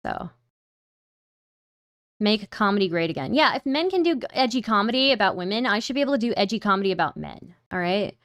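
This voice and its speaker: Smooth-voiced woman streamer chatting casually. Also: medium pitch, animated, a little fast, a bit bright, no echo, studio quality. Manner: rambling, swears, laughs often, reads donations aloud. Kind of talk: casual livestream chat.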